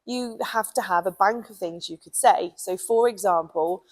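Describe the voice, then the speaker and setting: A woman's voice: medium pitch, moderate pace, hardly any pauses, a little mellow, rough recording. A British woman who trains dogs, giving chatty, casual advice with plenty of ums and you knows. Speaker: dog trainer.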